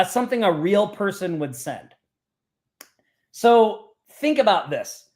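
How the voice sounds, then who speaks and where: A man with a fairly high voice hosts a live online show. He talks in a loose, chatty way, reads example messages aloud and speaks straight to viewers by name. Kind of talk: casual screen-share teaching.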